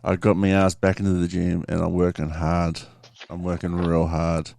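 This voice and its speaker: A man's voice: low-pitched, monotone, moderate pace, gravelly, darkish tone, no room sound. A man with an Australian accent co-hosting a podcast, in crude, laughing casual banter. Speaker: podcast co-host. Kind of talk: casual chat.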